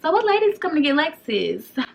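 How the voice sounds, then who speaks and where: Lady doing her nosy auntie, loud and kinda high, keeps prying. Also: very animated, fairly quick, creaky, distant mic, dull audio, slight background noise, exaggerated voice. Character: chatty, nosy aunt.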